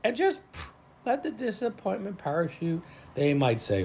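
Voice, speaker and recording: A mindset and self-leadership coach gives a motivational talk, his animated delivery punctuated by sudden loud stresses. His voice sits high with vocal fry, he speaks at normal speed, and there's slight background noise.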